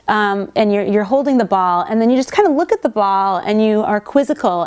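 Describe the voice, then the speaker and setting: A woman's voice: medium pitch, darkish tone. A woman giving an inspirational talk about communication in an earnest, explanatory manner. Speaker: speaker.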